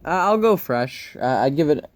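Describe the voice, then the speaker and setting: A man's voice: on the high side, expressive, normal speed. A young man co-hosting a casual movie review chat, upbeat and full of fillers. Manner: chatty, upbeat, filler-heavy.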